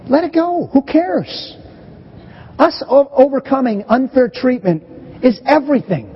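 A middle-aged pastor delivers a sermon in a chatty, storytelling way. His voice sits very high for a man and has a husky edge. The recording is dull and muffled, and it rings with the long reverb of a large hall. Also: normal speed. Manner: conversational, animated storytelling preacher. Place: church sanctuary.

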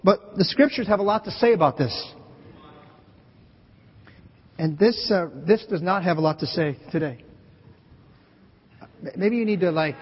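A pastor delivers a sermon with a husky, breathy voice that sits unusually high. He jokes with volunteers beside him as he goes. The recording is dull and lo-fi, with long reverb from the sanctuary. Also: moderate pace, long pauses. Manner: playful, joking with volunteers on stage. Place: church sanctuary.

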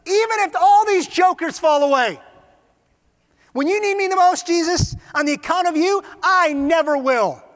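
A man preaching, voicing the apostle Peter as impulsive and emotional, with excited, pleading outbursts. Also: very high voice, normal speed, long pauses, voice pushed up. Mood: vowing. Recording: reverberant hall.

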